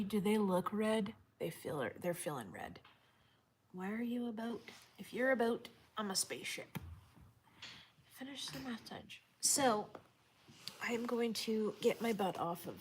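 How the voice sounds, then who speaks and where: A woman's voice: mid-range voice, slight background noise. A woman livestreaming casually outdoors, reading chat and talking to viewers, often dropping into whispers and bursting into laughs. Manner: chatty, drops to whispers and laughs.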